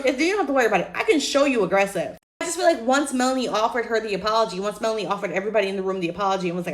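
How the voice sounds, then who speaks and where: A woman's voice: medium pitch, racing, few pauses, roomy sound. A young woman ranting casually about a reality show, blunt and profane, acting out what people said. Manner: animated, blunt, profane, acts out quotes. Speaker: reality TV commentator. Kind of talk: casual opinion rant to camera.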